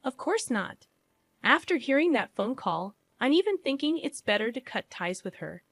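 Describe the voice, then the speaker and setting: A woman's voice: high voice, sing-song, moderate pace, fairly bright tone, no room sound, exaggerated voice. A woman voicing a young husband who speaks firmly and earnestly in defense of his wife. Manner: firm, earnest. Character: young husband, firm and protective.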